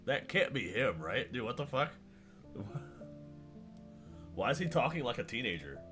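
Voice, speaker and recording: A man's voice: medium pitch, very animated, normal speed, a bit bright, soft background music. A man chatting casually on a stream in a laid-back way, swearing and laughing a lot. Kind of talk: casual reaction chat.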